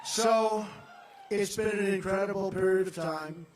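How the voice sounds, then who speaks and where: A man's voice: sits high, unhurried, heavy background noise. An older man giving a rambling rally speech, boastful and repetitive, with off-the-cuff asides. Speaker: political speaker at a rally. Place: large venue, victory rally. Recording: roomy sound, distant mic, loud crowd. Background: cheering crowd.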